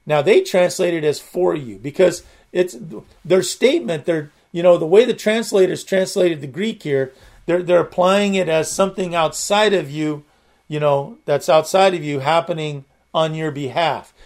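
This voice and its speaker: A man's voice: fairly high pitch, normal speed, a little mellow. A man preaching a sermon, explaining the meanings of words with enthusiasm and frequent restarts. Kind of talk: sermon teaching.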